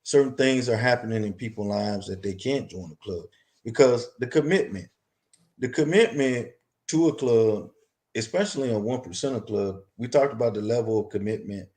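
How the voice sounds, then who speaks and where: A man, a longtime club member, speaking as a guest in a casual interview, measured and halting with frequent restarts. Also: mid-range voice, a little mellow.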